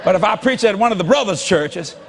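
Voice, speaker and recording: A male stand-up comedian telling a story in an animated way and acting out scenes, recorded live on stage. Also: sits high, a little fast, gravelly, some chatter behind, a little hiss or hum. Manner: animated, laughing, acts out scenes.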